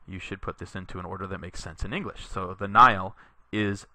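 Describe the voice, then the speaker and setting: A man teaching a Latin lesson in a recorded tutorial, reading sentences slowly for learners to repeat and explaining patiently with a few fillers. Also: low voice, steady tone, bright, forceful tone, no echo. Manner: slow, deliberate reading aloud for learners to repeat.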